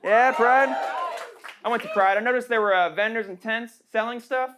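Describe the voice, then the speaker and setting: On a small club stage, a young trans woman performs a stand-up set that is brash, sarcastic and punchy, often tagging lines with "right?" Her voice is a little high and her speed normal, with background noise and audience laughter.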